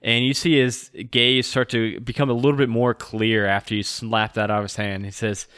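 A man's voice: mid-range voice, flat delivery, moderate pace, few pauses, fairly bright tone, clear, resonant tone, no echo, clean studio sound. A young man narrating as game master of a tabletop game, casual and full of filler words.

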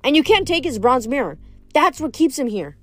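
A woman reading aloud, voicing starstruck female nymphs who squeal and scream in high, excited voices. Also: normal speed, soft background music. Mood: squealing, adoring.

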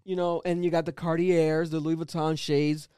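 A man talking in casual chat, animated and rambling, laughing often. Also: fairly high pitch, moderate pace, clear, resonant tone, no room sound, clean studio sound.

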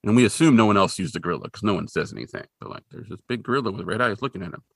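Lively, bright-voiced man recapping a cartoon. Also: very fast, gravelly, slightly rough, no room sound, studio quality. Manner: animated storyteller, jumps into high voices for quoted characters. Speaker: podcast co-host recapping a cartoon episode. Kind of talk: casual chat.

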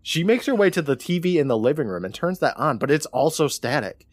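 Animated man recapping with lively pitch. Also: a little fast, dry recording, clean studio sound. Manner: animated, acts out characters' lines in exaggerated voices. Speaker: podcast co-host. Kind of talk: casual chat recapping an episode.

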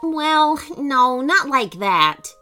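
A moody young schoolboy, played by a woman who groans his complaints in a lively, slightly high voice. He whines and grumbles at every turn, with faint music playing underneath. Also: a little slow, heavily acted. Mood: grumbling.

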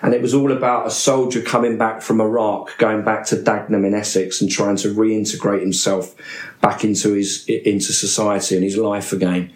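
A man, an actor guest telling animated anecdotes on a podcast. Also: lowish voice, moderate pace, reverberant. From England. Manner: animated storyteller, name-dropping with laughter.

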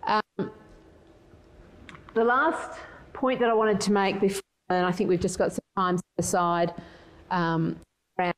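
Middle-aged woman, conference speaker, measured and reflective, lowish voice. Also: fairly even intonation, rough recording. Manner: measured, thoughtful, with frequent restarts. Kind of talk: conference presentation.

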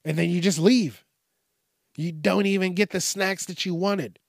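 A man's voice: sits high, steady tone, a little slow, creaky, dry recording, clean studio sound. A man hosting a podcast, ranting crudely with constant swearing and mock voices for the people he quotes. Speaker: podcast host. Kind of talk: profane comedic rant.

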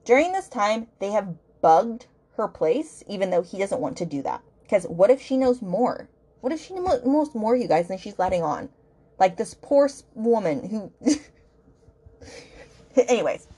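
A woman's voice: mid-range voice, very animated, measured pace, dark tone, breathy edge. A woman hosting a book podcast, ranting casually in an exasperated, rambling way with lots of fillers.

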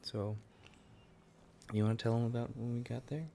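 A man's voice: mid-range voice, flat delivery, normal speed, vocal fry, warm tone, slight background noise. A man, co-hosting a podcast, talking in a laid-back, slangy way with dry asides. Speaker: podcast co-host. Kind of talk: casual chat.

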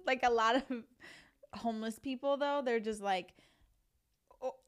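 A woman's voice: a little high, unhurried, clear, resonant tone. Giggly, chatty woman podcast host. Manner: giggly, chatty, lots of fillers. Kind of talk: casual chat.

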